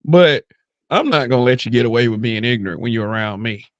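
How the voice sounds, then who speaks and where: A man's voice: medium pitch, animated, fast talker, no echo, highs cut off. A man hosting a podcast in casual chat, blunt and profane, often mimicking other people's voices. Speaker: podcast host.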